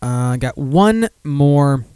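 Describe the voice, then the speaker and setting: A man's voice: a little high, animated, takes it slowly, dark tone, clear, resonant tone, no echo. A man hosting a podcast, chatting casually and reading news in a profane, rambling, self-mocking way. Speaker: podcast host.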